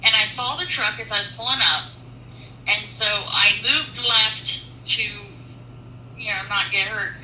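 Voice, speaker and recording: A woman truck driver telling a personal faith testimony in an earnest, animated storytelling manner, with pauses. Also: mid-range voice, reverberant, far from the mic, a little hiss or hum, rough recording.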